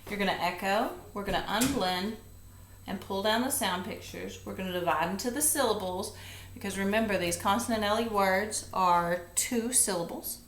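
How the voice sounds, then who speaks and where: A woman with a mid-range voice leads a phonics lesson, taking it one step at a time in a slow, patient way. Slight background noise comes through, and the classroom sounds echoey with faint ambience.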